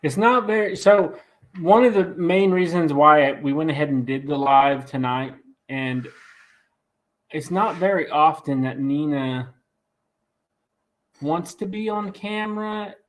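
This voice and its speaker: A raspy-voiced man hosting a casual live stream, joking and teasing in a rambling way. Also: a little high. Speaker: host of a farm channel live stream.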